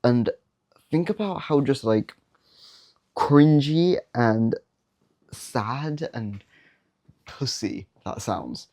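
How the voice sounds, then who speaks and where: A man's voice: mid-range voice, animated, extremely slow, pauses often, a little mellow. A young man giving dating advice in a casual, blunt, slangy monologue, often mocking the habits he warns against.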